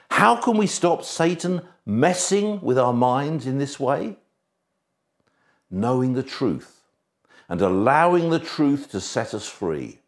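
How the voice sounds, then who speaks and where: A man preaching a sermon, emphatic, dropping soft and then rising for stress. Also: fairly high pitch. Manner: emphatic, shifts between soft and raised delivery.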